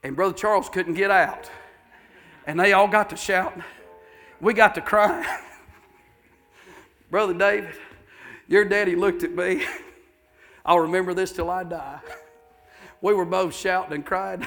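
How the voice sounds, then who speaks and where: A pastor preaching with folksy fervor, his voice sitting a bit high for a man. He tells stories and circles back over his own phrases. Soft music plays faintly beneath him. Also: fairly even intonation, measured pace, vocal fry, pauses often. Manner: folksy, fervent storytelling with repeated phrases. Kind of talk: sermon.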